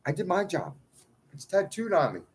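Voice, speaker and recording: A man's voice: high-pitched, huge pitch swings, moderate pace, poor audio. A man in a ranting monologue to his followers, agitated and pleading, swinging between outbursts and muttered asides. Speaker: self-styled cleric addressing followers.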